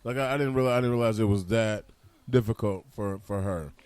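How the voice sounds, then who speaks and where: A man's voice: lowish voice, a little fast, a little mellow, clear, resonant tone, no echo. A man hosting a talk radio show, speaking loosely in slang and rambling with frequent restarts. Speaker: radio host.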